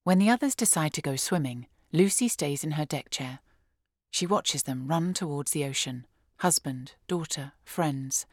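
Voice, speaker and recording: Low-voiced woman reading an audiobook. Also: lively intonation, normal speed, no echo, studio quality. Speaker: audiobook reader. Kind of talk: measured audiobook narration.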